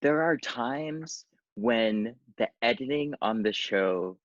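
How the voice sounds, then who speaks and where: A man's voice: mid-range voice, animated, slow pace, dry recording. Sarcastic man on a dull lo-fi line. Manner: sarcastic, dishy. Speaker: guest co-host. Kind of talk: casual chat.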